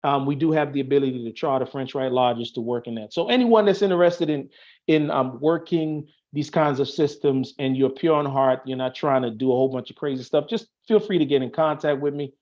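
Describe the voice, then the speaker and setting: A man's voice: medium pitch, fairly quick, a little mellow. Earnest man, muffled lo-fi call audio. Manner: earnest, thinks aloud with many restarts and fillers. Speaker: Masonic officer, guest on an online show. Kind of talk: casual explanatory chat.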